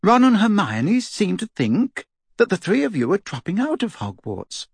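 A man voicing a determined middle-aged mother with a sharp, insistent manner, read as part of a storybook audiobook. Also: sits high, huge pitch swings, normal speed, creaky, breathy edge, no echo, clean studio sound, voice pushed up, full character voice. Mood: probing. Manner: sharp, insistent, switching to sweet casual.

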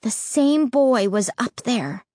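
Woman reading a kids' story aloud, slow and animated, super dry sound. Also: on the high side, dry recording. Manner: lively, acts out the characters' lines. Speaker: audiobook narrator. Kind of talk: storybook narration.

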